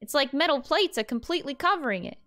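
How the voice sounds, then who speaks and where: A woman's voice: high voice, lively intonation, quick pace, sharp tone. A young woman streamer reading a game's text aloud in first person, trying an accent and laughing at herself.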